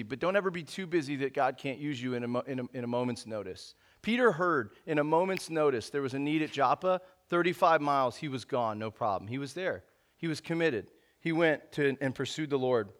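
A man's voice: fairly high pitch, a bit bright. A young man preaching a sermon in a casual, slangy way, often calling listeners man. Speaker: pastor.

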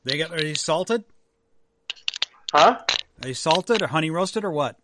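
A man's voice: a little high, animated, a little slow, background noise. A man chatting casually as a podcast co-host, joking around.

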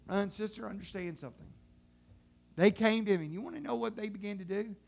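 A man preaching a sermon in a very high, bright-sounding voice. He talks in a loose, colloquial way and acts out what God says. His delivery swings from loud outbursts to soft, hushed passages. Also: fast talker, creaky. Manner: dramatic and animated, swinging from shouts to hushed tones.

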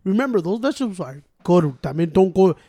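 Fast-talking man. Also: sits high, sing-song, no echo, studio quality. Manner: mixes Spanish and English, swears, gets loud and worked up. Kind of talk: casual chat.

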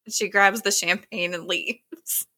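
Bright-voiced woman recapping casually. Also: medium pitch, steady tone, measured pace. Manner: retells scenes with "he's like" quotes and giggles.

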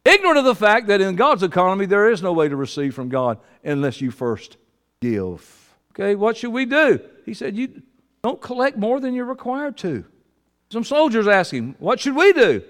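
A male pastor, preaching a sermon and swinging between loud high exclamations and low, quiet asides. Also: sing-song, normal speed, big-room sound.

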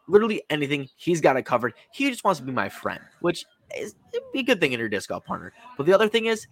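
A man talking loudly and playfully in casual podcast banter, laughing along. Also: mid-range voice. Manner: loud, playful, laughing through his picks.

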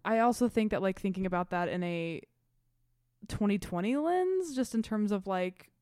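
A young woman co-hosting a podcast, recapping a TV episode in a casual, animated way, swearing freely and saying "like" a lot. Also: medium pitch, normal speed, clear, resonant tone, no room sound, clean studio sound. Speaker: podcast co-host. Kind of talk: casual chat recapping a TV show.

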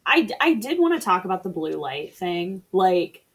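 Woman with a lowish voice doing a snarky movie recap, swears a lot, very casual. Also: big pitch swings, normal speed, husky. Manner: chatty, sarcastic, swears freely. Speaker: podcast co-host or guest.

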